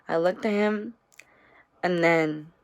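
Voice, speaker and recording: A woman's voice: on the low side, slow pace. A young woman vlogging about her day and her feelings, rambling with many fillers, her nose stuffy from crying. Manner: tearful, subdued and soft. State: stuffy-nosed after crying. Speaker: daily vlogger. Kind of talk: personal confessional vlog.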